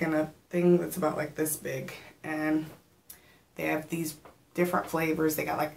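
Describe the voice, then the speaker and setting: Chatty pregnant woman, low gravelly voice. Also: slight background noise. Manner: chatty storytelling, animated quoted asides. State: pregnant, gets out of breath. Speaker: vlogger. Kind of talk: casual pregnancy vlog chat.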